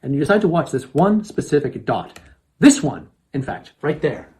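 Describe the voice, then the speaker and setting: A man's voice: on the high side, big pitch swings, normal speed, darkish tone. A man casually presenting an astronomy lesson on a livestream. He talks in a chatty way, repeats phrases and keeps checking in with "okay?".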